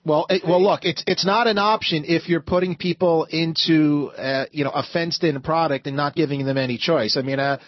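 Talk radio host, man, slightly high voice, stammering, dry close sound, muffled broadcast. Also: steady tone, a little fast, few pauses, dry recording. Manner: stammering, repeats words while building arguments.

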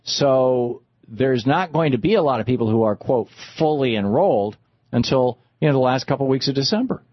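A man's voice: medium pitch, fairly quick, no room sound. A man hosting a political talk radio show, talking in a casual, stammering way with many restarts. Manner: stammering, restarts, animated asides. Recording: slightly dull broadcast audio.

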